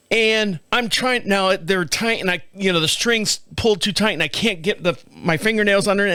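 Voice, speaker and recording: A man's voice: high-pitched, sharp tone, dry recording, clean studio sound. A middle-aged man hosting a casual solo podcast, telling rambling, profane, self-mocking stories and laughing at himself. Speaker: podcast host.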